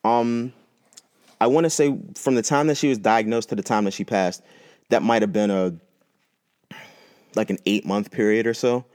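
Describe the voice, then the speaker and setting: A man hosting a podcast, telling a personal story in a casual, animated, slangy way. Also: on the low side, moderate pace, pauses often. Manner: animated, laid-back, slangy. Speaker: podcast host.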